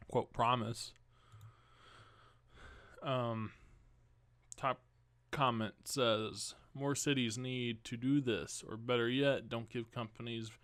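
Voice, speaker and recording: Young guy reading news at home, slow and chatty, dry close sound. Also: mid-range voice, fairly bright tone, clean tone, no echo. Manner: casual, rambling asides and self-corrections. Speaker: podcast host. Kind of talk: reading news stories and commenting.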